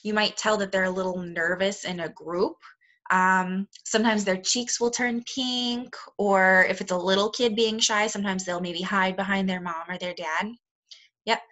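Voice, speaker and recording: A woman teaching young children a phonics lesson, speaking slowly and clearly with encouraging praise. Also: mid-range voice, fairly even intonation, sharp tone. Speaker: second grade teacher. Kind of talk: recorded remote phonics lesson.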